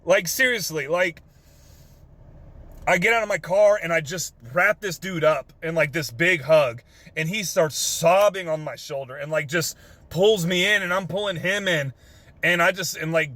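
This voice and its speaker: A man's voice: fairly high pitch, normal speed, sharp tone, no room sound. A young man from Texas with a drawl, earnestly telling an emotional story in his car, swearing casually with lots of fillers. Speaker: vlogger. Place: parked car.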